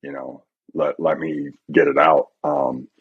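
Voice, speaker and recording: A middle-aged man with a low, husky voice answers interview questions haltingly. He speaks softly and leans on filler words as he works through each thought. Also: flat delivery, narrow, tinny audio. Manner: halting, soft, frequent fillers. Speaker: guest, retired pararescueman. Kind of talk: reflective interview.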